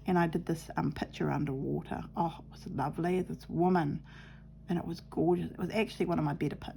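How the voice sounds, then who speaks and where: A cheerful middle-aged woman talking her way through a sewing project at home, laughing and musing aloud as she works. Her voice has a gravelly, creaky edge, with a faint hum in the background. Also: sits low, fairly even intonation, fast talker, mellow. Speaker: craft vlogger. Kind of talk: chatty storytelling while sewing.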